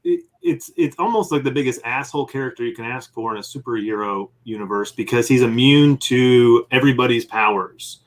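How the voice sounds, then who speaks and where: A man's voice: mid-range voice, brisk, hardly any pauses. A man telling a long story in a casual interview while sketching, rambling and acting out bits of dialogue. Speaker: comic publisher and guest; game master of his group.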